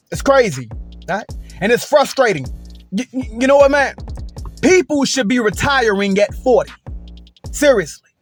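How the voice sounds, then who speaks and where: A man hosting a commentary video, speaking emphatically and checking in with "right?". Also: extremely high pitch. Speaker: host.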